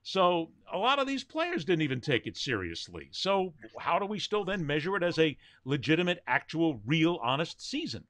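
A man's voice: fairly high pitch, very animated, moderate pace, hardly any pauses, a bit bright, no room sound. A man hosting a sports talk show, emphatic and opinionated as he leads the debate.

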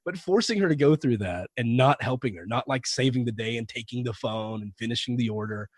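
A man being interviewed on a podcast, telling anecdotes in a relaxed, conversational way and animating the voices of people he quotes. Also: medium pitch, a little fast, no room sound. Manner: anecdotal, animated when quoting others. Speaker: podcast guest. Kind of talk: conversational storytelling.

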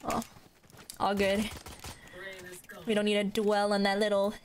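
A woman's voice: medium pitch, level tone, unhurried, a little hiss or hum. A young woman streamer chatting casually while gaming, giggly and sarcastic, saying "like" a lot. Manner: giggly, sarcastic, heavy use of "like".

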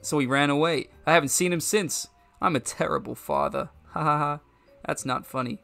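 A man's voice: fairly high pitch, moderate pace, vocal fry, pushed and bright, soft background music. A man voicing a blustering older male resort comedian and sorrowful father, with a pompous, blustery manner. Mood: mournful.

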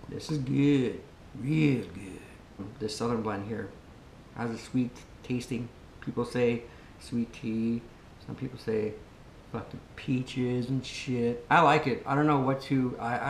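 A man chatting casually for his vlog in a rambling, foul-mouthed, joking way. His voice sits at a plain middle pitch, and it bounces around an echoey room over a faint low rumble. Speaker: vlog host.

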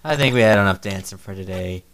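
A man's voice: low voice, quick pace, vocal fry, a bit bright, rough recording. A man reviewing a video game with crude, sarcastic, mocking commentary. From Newfoundland, Canada.

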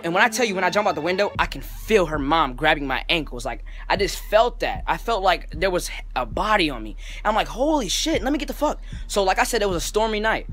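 A young man telling a story in a casual, animated and profane way, full of slang. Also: high voice. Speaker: storytelling vlogger.

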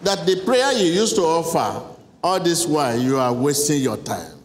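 A man preaches to a congregation in a large church hall, his high voice swinging widely as he repeats short prayer lines. The sound carries a long reverb with faint noise behind it. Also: sing-song, moderate pace. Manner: emphatic, repetitive call-and-response preaching. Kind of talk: church sermon.

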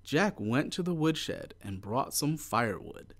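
A man reading a children's picture book aloud in a slow, clear, expressive way. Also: mid-range voice. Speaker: storybook reader.

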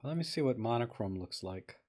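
A man talking his way through a live photo-editing stream in a loose, chatty manner. His voice sits at an everyday middle pitch as he thinks aloud and says hello to viewers between edits. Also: expressive, fairly quick, a little mellow. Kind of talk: casual live-stream commentary.

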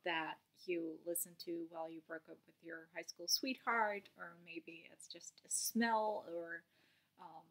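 Slow, candid young woman vlogging. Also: lowish voice. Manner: slow, unguarded, drifts into soft near-whispers; swearing and laughing as she talks. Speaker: vlogger sharing a meditation practice. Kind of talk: candid personal vlog.

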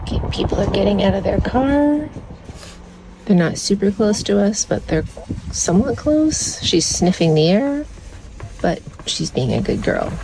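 A woman vlogging casually from inside a parked car, chatting to viewers and cooing at her dog in a high sing-song voice. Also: noisy background. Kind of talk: casual chat.

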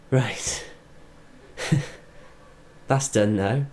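A Welsh man speaking earnestly in a reflective video diary, halting and restarting as he thinks. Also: medium pitch, expressive, a little mellow. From Wales. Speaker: vlogger.

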